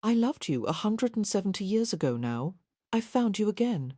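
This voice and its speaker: A woman voicing an intense, ardent Russian nobleman in an audiobook, speaking low and earnestly. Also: very animated, moderate pace, mellow, no echo, studio quality. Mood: intimate. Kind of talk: audiobook character reading.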